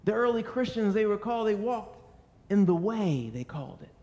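A man's voice: high voice, very animated, normal speed, a little mellow. A man preaching a sermon with an earnest, storytelling delivery full of rhetorical questions. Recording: long hall reverb.

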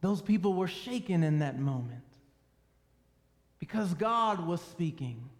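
A man's voice: high voice, animated, measured pace, in a large hall. A male pastor preaching a sermon, emphatic and drawing out key words for weight.

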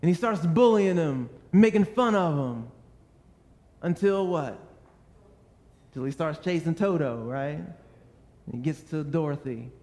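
A man with a fairly high voice preaches at an unhurried pace. He tells his stories earnestly and keeps asking rhetorical questions. His voice echoes with a long reverb, as in a large hall. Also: animated, a little mellow. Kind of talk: sermon.

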